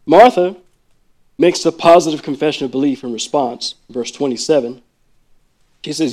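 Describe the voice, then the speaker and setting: A man preaching a sermon in a conversational, animated way, full of asides and acted-out quotes. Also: moderate pace, pauses often. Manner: acts out quoted speech with big pitch jumps. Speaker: worship leader preaching.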